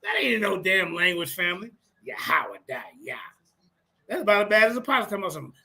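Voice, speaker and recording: Male stream host, high and sharp-toned, profane and mocking, stammers as he rants. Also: animated, very fast, vocal fry. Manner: loud, profane, stammers and repeats himself. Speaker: livestream host. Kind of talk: mocking casual commentary.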